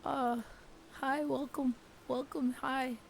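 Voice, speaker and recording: A woman streaming a game, hoarse with a failing voice, greeting viewers in a bubbly, flustered way. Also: high voice, little pitch movement, slow pace, a little hiss or hum, rough recording. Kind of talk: live gaming stream chat.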